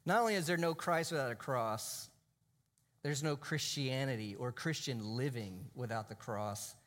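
At medium pitch and a moderate pace, a male pastor preaches emphatically in a church. Key phrases get drawn out, and at times he lowers his voice to a near whisper to drive them home.

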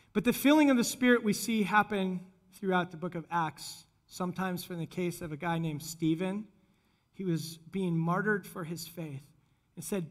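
High-voiced conversational male pastor. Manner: conversational, animated when retelling scenes. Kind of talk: sermon.

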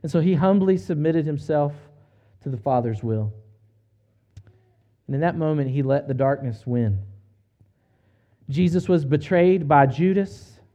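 A man preaching a sermon, retelling a story in an earnest, measured way with slow, emphatic pauses. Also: fairly high pitch, lively intonation, mellow, highs cut off. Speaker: pastor.

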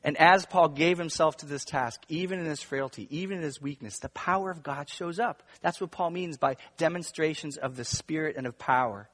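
A male pastor preaching a sermon, moving between hushed, intimate stretches and emphatic, raised passages. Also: on the high side, brisk, hardly any pauses. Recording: long reverb of a large room.

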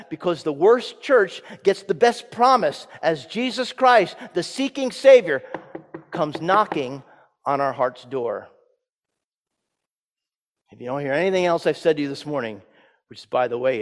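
A man pastor giving a sermon, swinging from loud emphatic peaks down to soft hushed lines. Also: on the high side. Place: church sanctuary. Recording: church sanctuary with long reverb.

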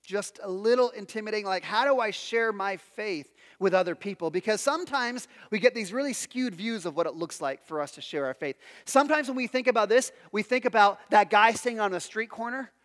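High-voiced pastor preaching in an echoing hall. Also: male voice, lively intonation, brisk, few pauses, fairly bright tone. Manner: conversational, self-deprecating storytelling with many restarts. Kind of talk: sermon.

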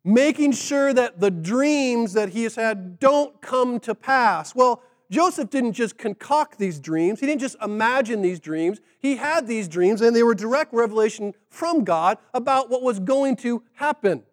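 Pastor, male, high voice, casual animated sermon delivery. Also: a little slow, few pauses, long reverb tail. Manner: conversational, animated retelling with acted quotes.

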